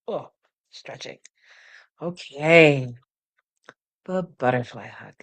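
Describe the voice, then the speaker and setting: A woman's voice: sits low, expressive, measured pace. A woman who is a singing teacher and hosts the show, leading a somatic exercise lesson from a chair on camera. She is playful, laughs often and demonstrates the exercises with vocal sounds. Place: seated in a chair at home studio, on camera.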